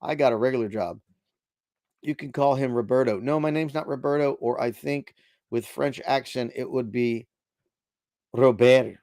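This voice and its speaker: A man's voice: medium pitch, normal speed, a little mellow, no echo, studio quality. A middle-aged man hosting a casual late-night livestream, reading viewer chat aloud into a desk microphone in a chatty, laid-back way. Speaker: livestream host.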